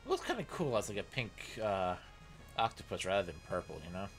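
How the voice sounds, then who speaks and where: A man commenting on a game as he plays, excitable, reading dialogue aloud and laughing often. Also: fairly low pitch, quick pace. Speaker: gaming let's player. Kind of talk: let's play commentary. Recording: faint game music behind.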